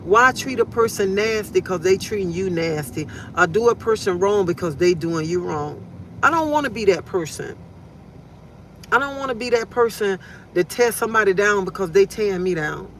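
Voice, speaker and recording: A woman's voice: mid-range voice, animated, normal speed. A woman hosting a casual inspirational live stream, talking earnestly and repeating her phrases, recorded on a phone outdoors. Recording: noisy outdoor traffic background.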